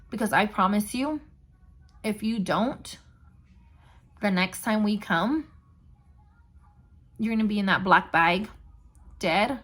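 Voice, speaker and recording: A woman's voice: medium pitch, a little slow, long pauses, a bit bright. A young woman vlogger candidly retelling a painful personal story, blunt and emotional.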